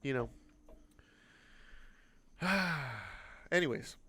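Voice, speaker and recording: A man co-hosting a podcast, telling a story in casual chat, animated and swearing freely. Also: on the high side, drawn-out words, slightly rough, no room sound. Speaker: podcast co-host.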